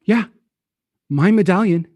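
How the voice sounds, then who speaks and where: A man's voice: high-pitched, measured pace, a little mellow, no room sound, pitched above the performer's own voice. A man voicing a cunning male thief student, a con artist who mocks others with theatrical swings in tone. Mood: sly.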